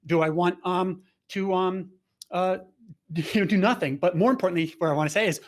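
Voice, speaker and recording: A man hosting a webinar over a video call, talking in a rambling, halting way with many restarts. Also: high-pitched. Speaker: host.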